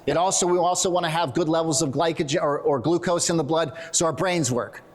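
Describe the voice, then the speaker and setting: A man's voice: on the high side, brisk. A middle-aged man giving a blunt, joking conference lecture on training and nutrition. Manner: blunt, joking, self-deprecating. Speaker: strength and conditioning coach. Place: conference hall stage.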